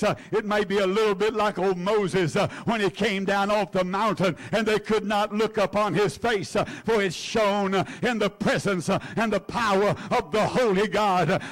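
A man preaching a sermon, fervent and repetitive, calling on his congregation by name. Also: high voice. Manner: fervent preaching, repeating words for emphasis. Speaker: pastor.

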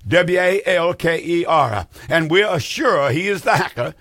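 A man's voice: a little high, lively intonation, measured pace, fairly bright tone, no echo, clean studio sound. A male pastor, preaching fervently on a radio call-in program in a sing-song drawl, repeating his rhetorical questions.

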